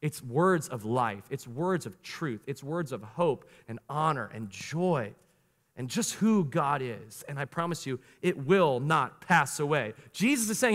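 A man in his thirties preaching a sermon as pastor, animated, slowing down for emphatic lines and rushing through quick asides. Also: a little high. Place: church sanctuary. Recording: long reverb of a large church hall.

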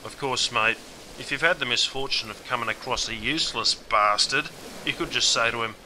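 A man's voice: mid-range voice, lively intonation, fairly quick. An Australian man from Australia giving a scripted, humorous slang lesson in a laid-back, cheeky way, in a noisy recording. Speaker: English teacher.

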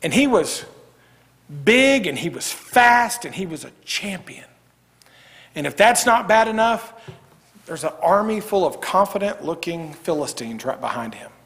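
Animated preacher in an echoing church. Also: male voice, sits high, unhurried. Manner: lively, jokey, swings from loud to hushed. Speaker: pastor. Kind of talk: sermon. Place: church sanctuary. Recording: echoey church hall.

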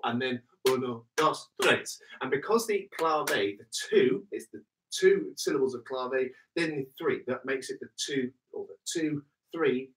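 Bright upbeat British music teacher. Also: male voice, mid-range voice, far from the mic, poor audio. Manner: upbeat, counts in and chants rhythms. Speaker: body percussion teacher. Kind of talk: online music workshop.

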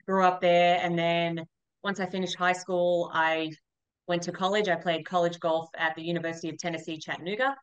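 Young Australian woman, golf coach guest, smooth tone, relaxed and modest. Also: lowish voice, brisk, dull audio. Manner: relaxed, modest, laughs easily. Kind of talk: casual interview chat.

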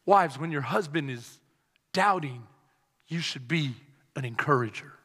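A male pastor preaching a sermon with animated delivery, repeated refrains and call-and-response. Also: fairly high pitch, a little slow, breathy edge. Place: church sanctuary. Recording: long hall reverb.

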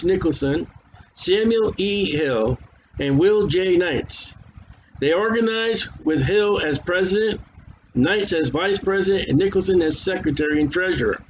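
High-voiced preacher in a sermon. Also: male voice, slight background noise. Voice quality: says his voice is worn. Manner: conversational, stumbles over hard names. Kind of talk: sermon with Bible reading. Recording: dull lo-fi recording.

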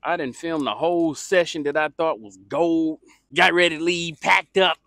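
Loud and joking, a trash can cleaning business owner films a casual work vlog, talking to camera as he cleans cans outdoors beside a house near a street, often shouting and exclaiming. His voice is on the high side at normal speed. The low-quality recording, made with a small clip-on mic and phone camera, has no echo but does have street noise behind it.

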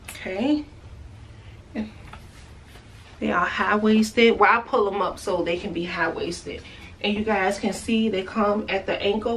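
A woman's voice: mid-range voice, fairly bright tone, distant mic, slight background noise. Gushing chatty woman. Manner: gushing, chatty, repeats herself. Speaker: vlogger. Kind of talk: casual try-on haul chat. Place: at home, indoors. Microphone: phone camera.

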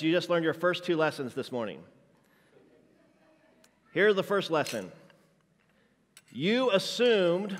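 Upbeat male juggler-preacher, jokey and energetic, slightly raised pitch, recorded with church-hall reverb. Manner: playful, jokey, energetic crowd-work. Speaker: guest speaker and juggler. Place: church sanctuary.

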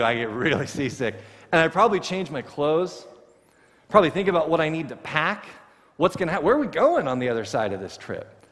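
A man preaching a sermon to his congregation, expressive and acting out the words he quotes. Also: on the high side, long reverb tail. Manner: expressive, voices Jesus' words with rising emphasis. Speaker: pastor. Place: church sanctuary.

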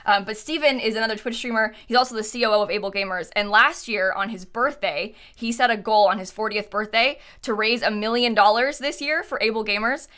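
A woman's voice: fairly high pitch, a bit bright, clean tone. A young woman live-streaming, chatting casually with lots of fillers and little laughs, reading out donations. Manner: quick, giggly, lots of fillers.

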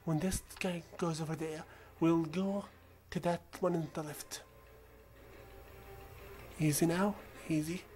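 Brief: slow, even-pitched let's-play host with a non-native accent, calm, coaching, often hushed. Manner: calm, coaching the game character, often dropping to a hushed whisper. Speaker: gamer. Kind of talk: gameplay commentary.

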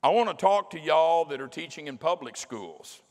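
Folksy preacher in a reverberant hall. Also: male voice, on the high side, expressive. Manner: folksy and emphatic, slowing down to hammer key points. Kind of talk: sermon. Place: large church hall.

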